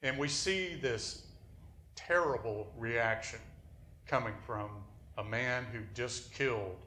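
A man preaching a sermon in an earnest, deliberate and reflective way. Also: mid-range voice, bright, forceful tone, echoey room, a little hiss or hum.

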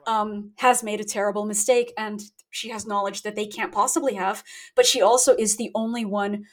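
A woman author talking in a relaxed interview over a remote connection, thoughtful and quick to laugh at herself. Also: mid-range voice. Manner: thoughtful, self-deprecating, laughs often. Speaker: guest author. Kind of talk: casual interview talk. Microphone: remote call.

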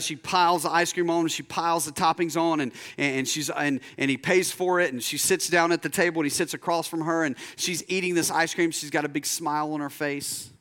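Telling a story as part of his sermon, a young male preacher gives voice to its characters and lowers and slows his delivery to emphasize points. He keeps a fairly even intonation and a somewhat bright sound.

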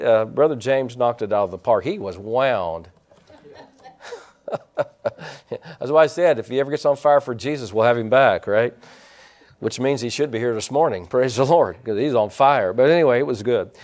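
A man's voice: medium pitch, animated, normal speed, long pauses, darkish tone. A man preaching a sermon to his congregation in church, folksy and rambling, breaking off for asides to people in the pews. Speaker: pastor.

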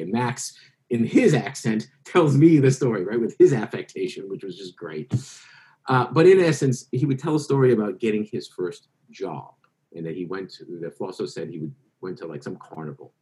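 A man who is an author, telling lively anecdotes as a guest in an interview and quoting other people in their voices. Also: on the low side, normal speed. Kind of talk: interview storytelling.

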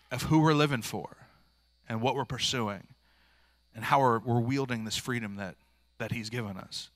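Male pastor, informal earnest sermon delivery, tense bright tone. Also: medium pitch, no room sound. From rural area. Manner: earnest, plain-spoken, informal with frequent restarts.

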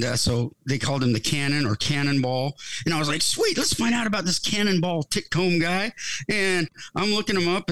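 Podcast cohost guy telling a story, kinda high voice, dry sound, wry and amused. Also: a bit bright, no echo, low-quality recording. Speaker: podcast co-host.

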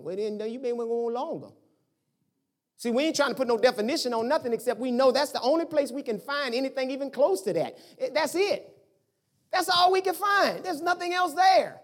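A pastor in mid-sermon with a lively voice that swoops up and down in pitch. The delivery is conversational and animated, built on rhetorical questions thrown at the congregation. A middle-aged speaker, talking plainly and directly. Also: brisk.

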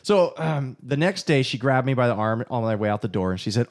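A man tells his own story candidly and with animation. He pokes fun at himself in a relaxed, conversational way. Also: medium pitch, a little fast, hardly any pauses. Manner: candid, animated, self-deprecating. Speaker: podcast co-host, husband. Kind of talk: casual storytelling talk.

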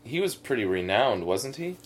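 A man's voice: medium pitch, very animated, moderate pace. A man co-hosting a comedic radio talk show, trading dry, teasing banter. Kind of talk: casual comedic chat.

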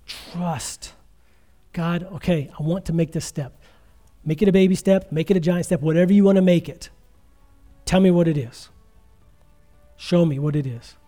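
A man's voice: a little high, mellow. A middle-aged man preaching a conversational sermon as pastor, telling stories with quoted asides.

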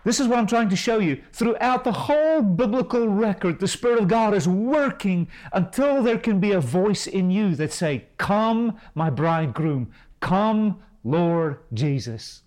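A man preaching a sermon as a pastor and Bible school teacher, impassioned, swinging between loud rises and hushed drops. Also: high voice, expressive, moderate pace, hardly any pauses, rough recording.

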